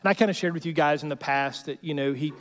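A man's voice: on the high side, fast talker. A male pastor preaching a sermon in a casual, joking way, often checking in with the congregation with "right?". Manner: conversational and joking, peppered with "right?". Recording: long hall reverb.

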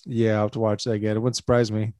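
A man's voice: on the low side, little pitch movement, fast, a little mellow, no room sound, studio quality. A man co-hosting a podcast, chatting casually about a film and laughing often. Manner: laid-back, laughs often. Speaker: podcast co-host. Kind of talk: casual movie chat.

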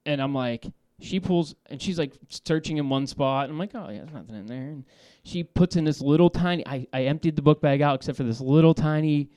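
Animated storytelling man, a bit high. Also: fairly quick, hardly any pauses, smooth. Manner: animated, laughing, swearing, stumbling restarts. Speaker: caller. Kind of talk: casual storytelling.

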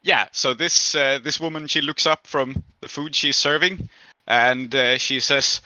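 A man runs a tabletop game in a loose, chatty way, full of fillers and laughs. His voice is bright and sharp on a dry, dull, lo-fi recording. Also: medium pitch, fairly even intonation, a little slow, no room sound. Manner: casual, laughing, many fillers. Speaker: game master.

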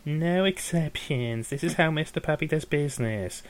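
A man's voice: fairly high pitch, moderate pace, lightly acted. A man voicing a hassled, bored elf receptionist woman who talks curtly and dismissively. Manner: curt, dismissive, mock-polite.

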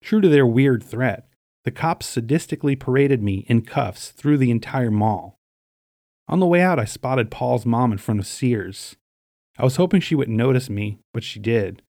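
A middle-aged man from Staten Island, New York, narrating his memoir in a dry, wry, deadpan way. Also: mid-range voice, normal speed, no echo.

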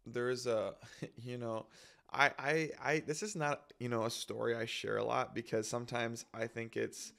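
Casting: young man, monotone delivery with vocal fry, rambling anecdote. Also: medium pitch, moderate pace. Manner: rambling, self-conscious, lots of fillers and acted quotes. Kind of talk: casual storytelling.

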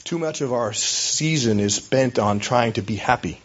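A man's voice: medium pitch, normal speed, highs cut off. A man preaching a sermon as a pastor, in a conversational, storytelling way with hesitations.

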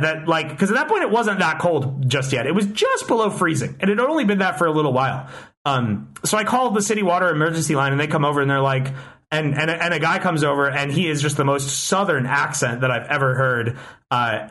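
A man's voice: a little high, fairly bright tone. A young man telling a long story in casual chat, rambling with many restarts and frequent swearing.

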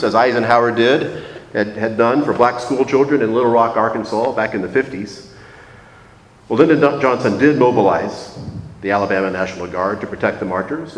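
A man preaching a reflective, measured sermon, slowing down to stress key phrases. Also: fairly low pitch. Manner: measured, reflective, slows for emphasis. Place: church sanctuary. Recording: echoey church hall.

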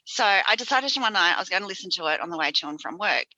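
A woman's voice: fairly low pitch, expressive, fast, highs cut off, over a noisy crowd. A woman hosting a casual conversation, telling her own ghost stories in a chatty, laughing way. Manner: chatty, laughing, matter-of-fact storyteller. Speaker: podcast host. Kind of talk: casual chat.

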